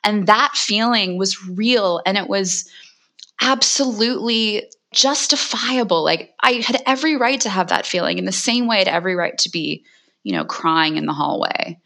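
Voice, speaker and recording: A woman in her forties talks openly as a guest, her words tumbling out quickly and emotionally. Her pitch sits mid-range, and "like" and "you know" keep breaking into her sentences. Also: pushed and bright. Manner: emotional, fast, frequent "like" fillers. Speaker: guest author. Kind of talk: candid conversational talk.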